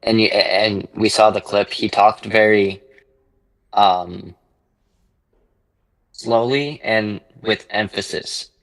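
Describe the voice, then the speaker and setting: A man with a fairly low voice taking part in a relaxed philosophical chat. He thinks aloud in a tentative, questioning way. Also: slow, pauses often, low-quality recording. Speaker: discussion participant. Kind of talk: casual philosophical discussion.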